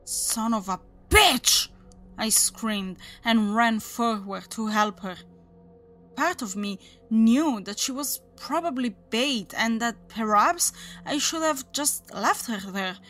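A woman reading a horror story aloud as its narrator, in a measured, deliberate storytelling manner. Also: a little high, a bit bright. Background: faint background music.

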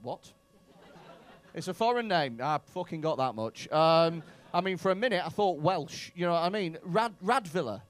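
A comedian works the crowd in a comedy club with profane banter and mock outrage. His voice sits high and swings through a wide, lively range. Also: moderate pace. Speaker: stand-up comedian. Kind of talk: crowd work in a stand-up set.

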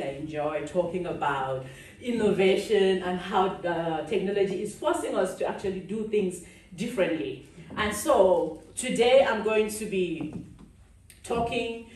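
Woman from Cameroon, keynote speaker, lowish voice, very echoey far-off hall sound. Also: darkish tone, slight background noise. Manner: chatty, laughs often, engages the audience. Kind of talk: conference keynote speech. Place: large conference hall.

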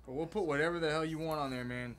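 A man's voice: a little high, racing, fairly bright tone, faint music behind. A man building a PC on a live stream, joking loosely with his co-host in a studio. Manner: jokey, teasing, loose. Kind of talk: casual joking livestream chat.

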